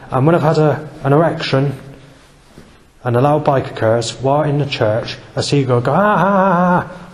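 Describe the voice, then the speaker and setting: A man speaking in a rambling, aggrieved personal monologue, halting often with fillers. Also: medium pitch, darkish tone, long reverb tail. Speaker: vlogger.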